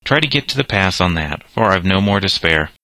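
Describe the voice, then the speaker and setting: A man's voice: sits low, expressive, fairly quick, sharp tone, no echo, exaggerated voice. A man voicing an indignant grown motorist who scolds and mocks a young driver. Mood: mocking. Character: indignant grown male motorist, mocking then helpful.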